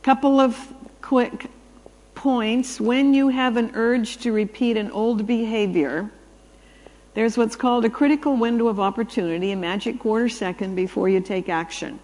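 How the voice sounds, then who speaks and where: A woman giving an anecdotal talk on brain research, telling stories with animated delivery and acting out the dialogue. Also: on the high side, moderate pace, in a large hall, rough recording.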